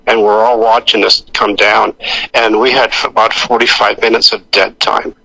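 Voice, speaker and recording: An older man with a gravelly, low-pitched voice tells his stories in a rambling way, stopping and restarting and putting on the voices of the people he quotes. His tone is bright and forceful. The sound is dry and close, with no room around it. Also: little pitch movement, moderate pace, dry recording, rough recording. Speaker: actor guest. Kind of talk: anecdotal storytelling.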